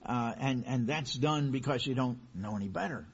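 A male pastor delivering a sermon, his voice swelling in loudness to stress points. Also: medium pitch, normal speed, slightly rough. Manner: preaching with emphatic swells in loudness. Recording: dull lo-fi recording.

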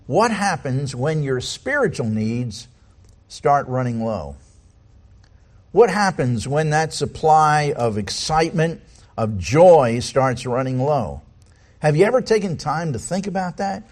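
A man preaching a sermon, reading scripture aloud and putting many rhetorical questions to the congregation. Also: a little high.

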